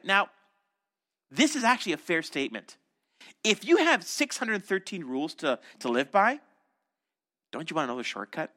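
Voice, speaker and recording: A male pastor delivers an animated sermon, slipping into quick voices for the people in his stories. His voice sits high and bright, and it swings widely in pitch as he preaches. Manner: animated storytelling, acting out voices of crowds and disciples.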